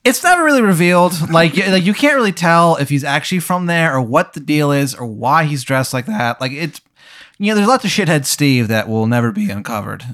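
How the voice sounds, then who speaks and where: A man's voice: on the high side, big pitch swings, brisk, a bit bright. A man narrating a tabletop game as game master, rambling with crude, profane jokes.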